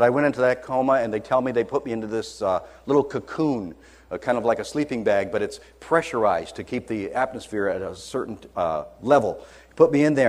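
A man preaching a sermon, telling a story dramatically, moving between hushed lines and loud, high passages. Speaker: pastor.

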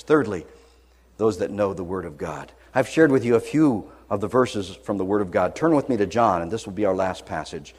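A man preaching a sermon, telling a story dramatically, moving between hushed lines and loud, high passages. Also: fairly quick, husky. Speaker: pastor.

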